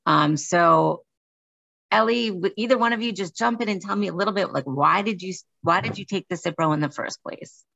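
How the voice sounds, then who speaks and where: A woman hosting an interview, speaking in a friendly, deliberate way as she introduces guests and asks questions. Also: lowish voice, vocal fry, fairly bright tone, no room sound. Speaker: host. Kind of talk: conversational interview. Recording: dull lo-fi dry audio.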